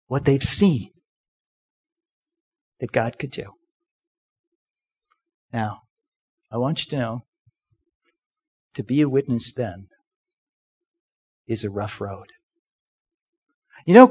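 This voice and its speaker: A middle-aged man preaching a sermon, leading call-and-response and swinging from loud emphatic peaks to quiet low passages. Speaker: pastor.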